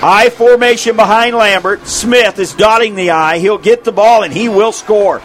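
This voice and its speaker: A man calling play-by-play at a football game, quick and excited, shouting on big plays, his voice going hoarse. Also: high voice, soft background music. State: losing his voice. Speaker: play-by-play announcer. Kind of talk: play-by-play sports commentary.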